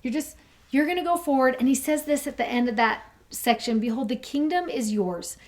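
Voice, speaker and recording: A woman co-hosting a scripture study podcast, chatting enthusiastically and slowing down to read verses aloud. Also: high-pitched. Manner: enthusiastic, reads verses slowly and warmly. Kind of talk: casual scripture discussion.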